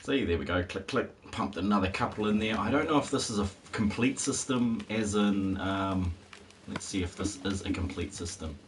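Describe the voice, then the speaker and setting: A man with a fairly low-pitched voice streams a game, chatting at a moderate pace in a rambling, wry way. It's casual live-stream commentary, and he sits far from the mic, sounding a bit off-mic with faint hiss.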